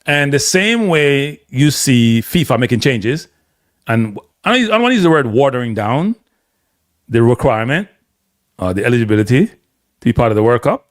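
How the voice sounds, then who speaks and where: Hosting a casual live-stream commentary, a blunt, opinionated Jamaican man shifts between thick patois and standard English, his pitch leaping as he gets fired up. His delivery is sing-song at a normal speed. The recording is close and dry with no room sound.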